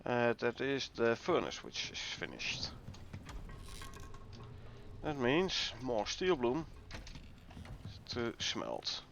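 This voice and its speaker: A man with a Dutch accent talks unhurriedly through a game livestream, greeting viewers as he goes. His voice has a gravelly edge and swings up and down a lot. A faint hiss of noise sits under the recording. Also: mid-range voice, drawn-out words, pauses often, dull audio. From Netherlands. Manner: relaxed, chatty, greets viewers while playing. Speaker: gaming livestreamer. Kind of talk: casual livestream commentary.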